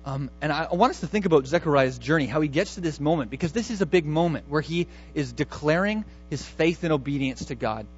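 A man's voice: on the high side, lively intonation, fast, few pauses, slightly rough, lo-fi sound. A man preaching a sermon in a conversational, emphatic way, often restarting his words. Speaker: pastor.

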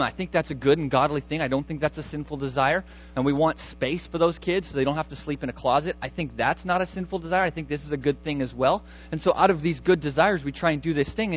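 Conversational pastor with a muffled sound. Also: male voice, fairly high pitch, breathy edge. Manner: conversational, thinking aloud with many restarts. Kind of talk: sermon.

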